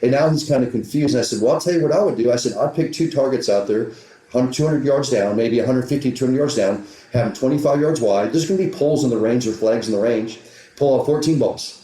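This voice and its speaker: A golf teaching professional tells a story in a podcast interview, acting out the quick back-and-forth of the conversation he's recalling. His voice is medium in pitch with a dark tone, and the recording has a roomy echo.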